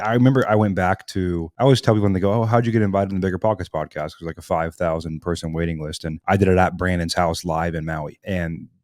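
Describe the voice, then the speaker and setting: A young man in his twenties telling a story in a casual podcast conversation, animated and reflective. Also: sits low, no room sound, studio quality. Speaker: podcast host.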